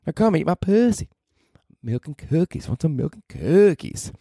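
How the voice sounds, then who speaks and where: A man voicing a shrill woman who mockingly scolds her partner, in a crude, sneering falsetto. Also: sing-song, normal speed, dark tone, slightly rough, no echo, clean studio sound, heavily acted.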